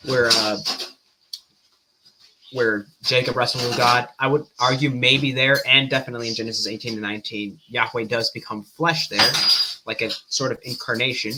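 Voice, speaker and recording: A man hosting a stream, giving fast, animated reaction commentary and often breaking off mid-sentence. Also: medium pitch, heavy background noise. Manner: fast-talking, animated, self-interrupting. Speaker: stream host.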